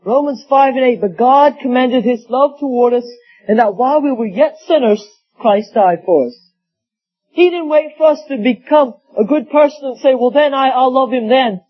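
A man preaching a sermon, telling folksy stories with acted quotes. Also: very high-pitched. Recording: dull lo-fi sound.

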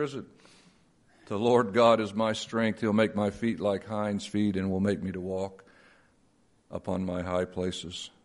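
A man preaching a sermon and praying, rising to emphatic peaks and dropping low and slow, chuckling at his own playful phrasing. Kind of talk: sermon with closing prayer.

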